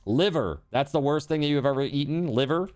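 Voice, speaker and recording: A man's voice: a little high, animated, a little fast, a little mellow. A man streaming a video game, chatting casually and teasingly with his viewers as he plays. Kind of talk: casual chat while gaming on stream.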